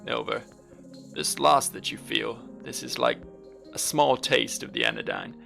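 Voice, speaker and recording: A man voicing a calm, wise woman friend. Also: medium pitch, measured pace, gravelly, faint music behind, exaggerated voice. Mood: persuasive. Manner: calm, reflective, gently persuasive. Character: wise, gentle female friend, sad and calm. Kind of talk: reading game dialogue aloud.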